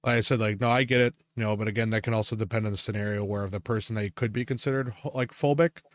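A man's voice: lowish voice, steady tone, fast, dry recording, studio quality. A man co-hosting a casual podcast, rambling with plenty of fillers and swearing freely. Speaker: podcast co-host.

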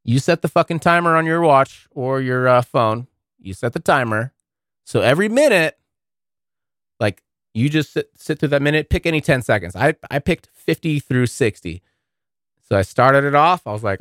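A man's voice: medium pitch, expressive, normal speed, a bit bright, no echo, clean studio sound. A man hosting a podcast, rambling through a casual monologue full of profanity. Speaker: podcast host.

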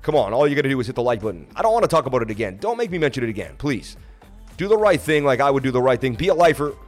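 Traveling and streaming from Miami, a man hosts a crypto livestream, rambling casually and emotionally as he reads viewer comments and pleads for likes. His medium-pitched voice is sing-song and racing, with soft music in the background.

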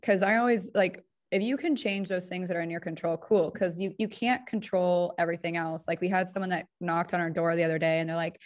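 A woman co-hosting a podcast in casual chat, talking fast and loose with lots of "like" and "right?". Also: lowish voice, fairly even intonation. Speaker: podcast co-host.

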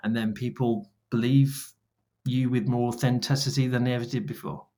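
A man in his forties, a guest on an interview podcast, telling stories with lively quoted dialogue. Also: mid-range voice, normal speed. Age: 40s. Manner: animated, acts out dialogue in quoted voices. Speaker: guest, brand founder. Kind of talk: storytelling interview answers.

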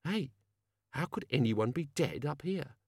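A man's voice: medium pitch, very animated, unhurried, creaky, darkish tone, no room sound, heavily acted. Man doing a grumpy old servant, blunt and sarcastic, dry close sound.

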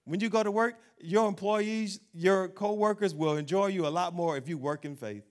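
A man preaches with lively energy, and his voice sits a little higher than most men's. He acts out the worried voices of doubters and laughs now and then. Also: normal speed, clear, resonant tone. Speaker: pastor. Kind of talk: sermon.

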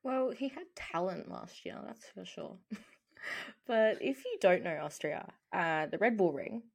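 A woman's voice: medium pitch, lively intonation, a little slow, gravelly, husky. A woman co-hosting a casual podcast chat, playful and steering the topics. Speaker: podcast co-host.

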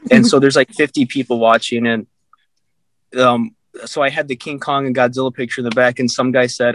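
A man's voice: medium pitch, steady tone, fairly quick, no echo. A young man chatting casually on a podcast, telling rambling stories and laughing at himself. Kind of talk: casual chat.

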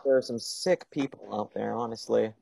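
A man's voice: on the low side, fairly even intonation, moderate pace, vocal fry, noisy background. A teenage boy hosting a podcast from his room at home, chatting eagerly and playfully, often stumbling and restarting his words. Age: teens. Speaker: podcast host. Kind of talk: casual chat. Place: home bedroom.

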